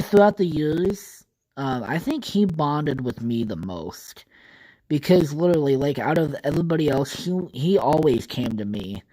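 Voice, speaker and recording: A man's voice: mid-range voice, darkish tone, low-quality recording. A young man hosting a solo podcast, rambling casually with constant swearing and filler words. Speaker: podcast host.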